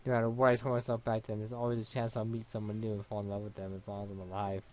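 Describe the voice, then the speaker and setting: A man's voice: lowish voice, flat delivery, racing. Man reading a visual novel aloud.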